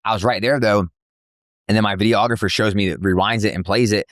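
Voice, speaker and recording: This is a man speaking quickly in a somewhat low voice, rattling off stories with casual slang and fillers. The sound is dry and close, with no room around it. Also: no echo. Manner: fast, animated storytelling with slang and filler words. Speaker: MMA promotion CEO, guest. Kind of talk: casual podcast interview. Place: cafe.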